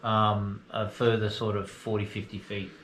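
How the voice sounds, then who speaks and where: A man running a tabletop game as game master, unhurried and halting with fillers. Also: fairly low pitch, monotone, a bit bright, reverberant, slight background noise, low-quality recording.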